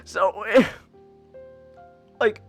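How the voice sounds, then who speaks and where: A man hosting a casual podcast, ranting in an animated, exasperated way with mocking asides. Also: sits high, extremely slow, faint music behind. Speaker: podcast host. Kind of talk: casual chat. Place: home streaming setup.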